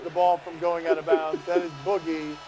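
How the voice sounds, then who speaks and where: High-voiced playful sports host. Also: male voice, little pitch movement, a loud crowd. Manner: playful, laughing, quick quips. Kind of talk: casual studio sports talk. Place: TV studio.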